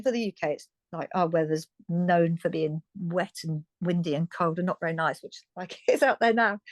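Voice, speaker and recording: A British woman in her fifties talks frankly and at length, her voice sitting at an ordinary middle pitch. She chats freely, restarting sentences and breaking into small laughs as she goes. The sound is close and dry. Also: a little mellow, no room sound. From United Kingdom. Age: 50s. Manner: chatty and frank, many restarts and little laughs. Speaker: guest. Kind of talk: candid conversational storytelling.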